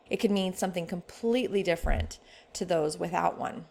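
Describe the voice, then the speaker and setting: A woman's voice: lowish voice, normal speed, vocal fry, warm tone. A woman editor teaching an online writing workshop in a casual, conversational way.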